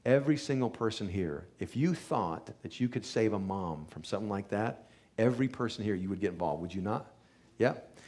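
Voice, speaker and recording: A man's voice: lowish voice, darkish tone. A man, a chiropractor, earnestly telling a patient's healing story to a live audience and acting out what people said. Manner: earnest testimonial storytelling, acts out quoted speech.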